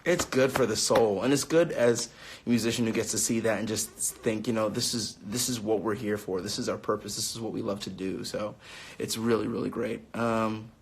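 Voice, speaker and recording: A man's voice: lowish voice, steady tone, normal speed, husky. A man in his late twenties chatting casually on a live stream, answering fan questions, upbeat and full of fillers. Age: 20s. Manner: chatty and upbeat, many fillers, laughs easily.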